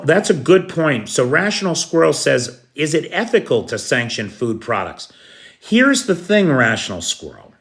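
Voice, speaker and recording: A man with a mid-range, fairly bright voice hosts a casual livestream chat. He thanks viewers by name and answers their comments bluntly.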